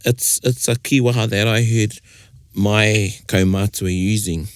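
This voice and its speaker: A man's voice: fairly low pitch, fairly even intonation, unhurried, clear, resonant tone, no room sound, clean studio sound. A man hosting a casual podcast, playfully teaching te reo phrases and acting out examples. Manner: playful, mixes Māori and English, acts out example lines. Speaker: host.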